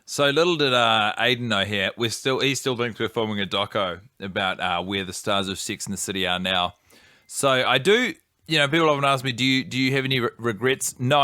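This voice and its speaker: A man's voice: mid-range voice, pushed and bright, dry recording, studio quality. A man co-hosting a comedy podcast, giving rambling, mock self-serious commentary as if he made the film. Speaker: podcast co-host.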